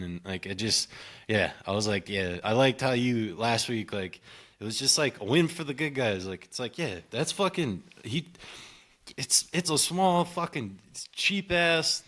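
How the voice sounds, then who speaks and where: A podcast co-host rambles through casual chat, swearing freely and circling his point with fillers. His voice sits at an ordinary middle pitch. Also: expressive, measured pace, fairly bright tone. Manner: rambling, profane, full of fillers.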